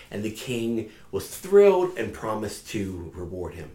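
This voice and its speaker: A man's voice: fairly low pitch, big pitch swings, measured pace, few pauses, mellow. A man retelling a parable in a casual storytelling sermon, with fillers along the way. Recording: echoey room.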